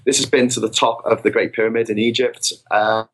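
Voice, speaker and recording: A man's voice: mid-range voice, flat delivery, brisk, a bit bright. A man telling rambling, self-mocking travel anecdotes as a podcast guest. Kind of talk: casual storytelling. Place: podcast recording.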